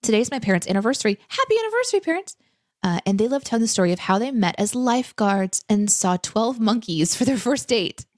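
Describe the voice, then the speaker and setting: A woman's voice: mid-range voice, brisk, hardly any pauses, darkish tone, no room sound. Woman co-host, mid-range voice, chatty storyteller, close dry sound. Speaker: co-host reading viewer chat. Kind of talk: casual livestream chat.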